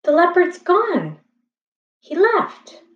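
A woman voicing a caring, brave young girl in a high, girlish voice. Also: wildly swooping pitch, extremely slow, full character voice. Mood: relieved. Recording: echoey room, distant, slightly dull.

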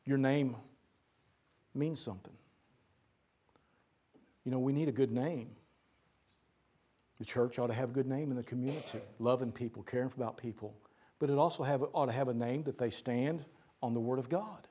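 A man's voice: mid-range voice, normal speed, long pauses, mellow, slightly rough. An older man who is a pastor, preaching a sermon to his church in an earnest way, often repeating words as he lists points. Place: church sanctuary.

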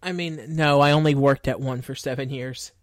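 A woman's voice: extremely low pitch, fairly even intonation, moderate pace, dry recording. A woman co-hosting a podcast, adding dry, sarcastic quips in casual chat. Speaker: podcast co-host.

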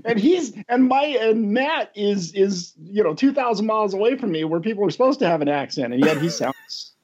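Earnest, slightly higher-voiced man chatting on a podcast, his sound muffled and lo-fi. He rambles and restarts his sentences often, and laughs easily along the way. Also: lively intonation, moderate pace, a little mellow, breathy edge. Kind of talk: casual conversation. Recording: lo-fi dull sound.

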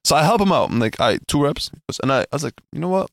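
A young man telling a story on a podcast, playing out both sides of the exchange and laughing as he goes. His voice swings widely in pitch and the words come fast. It sounds dry and close to the mic. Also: creaky, dry recording. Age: young adult. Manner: animated storyteller, acts out both sides of a dialogue, laughs often. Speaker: podcast co-host. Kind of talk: casual chat, storytelling.

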